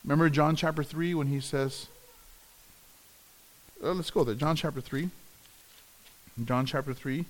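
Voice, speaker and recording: A man's voice: on the high side, steady tone, measured pace, pauses often. A man preaching a sermon, earnest, often repeating words as he restarts a phrase. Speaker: pastor.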